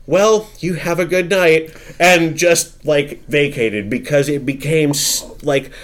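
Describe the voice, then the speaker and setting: A man casually telling a profane, animated story on a podcast, laughing often and acting out the people in it. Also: a little high, takes it slowly. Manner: animated, laughing, profane, acts out quoted voices.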